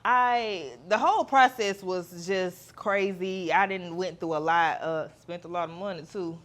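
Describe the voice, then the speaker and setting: A woman's voice: fairly low pitch, measured pace, few pauses, fairly bright tone. A woman, hosting a podcast in a candid, chatty monologue with playful asides. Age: 30s. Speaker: podcast host.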